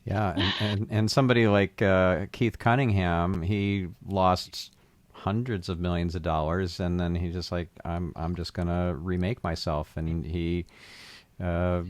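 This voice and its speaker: Man, interview host, hesitant, very deep, dry recording. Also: fairly even intonation, no echo. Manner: hesitant, halting questions. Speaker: podcast host. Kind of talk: casual interview.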